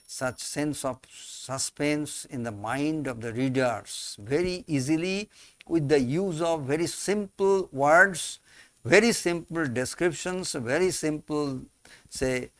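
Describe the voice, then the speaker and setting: A man, teaching a poem slowly in class, repeating and rephrasing key words. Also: fairly high pitch, fairly bright tone, dry recording. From India. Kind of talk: slow classroom explanation of a poem.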